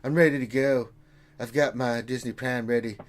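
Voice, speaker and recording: A man's voice: mid-range voice, fairly even intonation, normal speed, a crowd in the background. A man hosting a casual gaming livestream, reading out viewer messages with jokey asides. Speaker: stream host reading chat.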